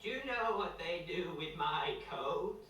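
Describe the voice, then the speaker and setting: A man's voice: a little high, expressive, measured pace, fairly bright tone, slight background noise, pitched above the performer's own voice. A man voicing a chatty female sheep who bleats and gossips, in an echoey room heard from far off. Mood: gossipy.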